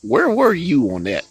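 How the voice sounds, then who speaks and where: A man's voice: on the high side, creaky, slightly rough, rough recording. A man giving heated, profane political commentary on his vlog, often stopping to laugh and restarting his words.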